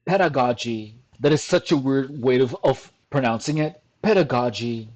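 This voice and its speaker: A man sits at his computer at home doing casual reaction commentary as a vlogger, reading an article out loud. His medium-pitched voice is steady and darkish at a normal speed, and he frequently laughs and fumbles long words.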